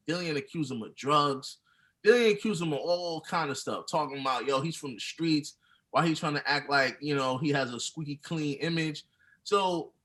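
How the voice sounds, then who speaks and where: Bright-voiced laid-back podcast man. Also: fairly high pitch, poor audio. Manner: laid-back, loose slang, laughs often. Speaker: podcast co-host. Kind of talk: casual chat reacting to a documentary.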